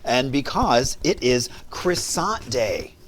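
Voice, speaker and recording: A man's voice: medium pitch, very animated, takes it slowly, slight background noise. A man co-hosting a morning show, chatting playfully and laughing often. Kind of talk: casual chat. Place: TV studio.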